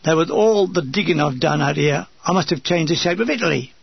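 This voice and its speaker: A man's voice: fairly high pitch, lively intonation, a little fast, creaky, husky, no room sound, highs cut off, heavily acted. A man voicing a grumbling short soldier who was a pastry cook, talking with exasperation. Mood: exasperated. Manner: exasperated, complaining.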